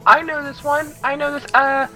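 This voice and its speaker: A woman's voice: high voice, level tone, normal speed, over music, rough recording. A woman playing a tabletop game who makes playful, sarcastic quips. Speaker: player.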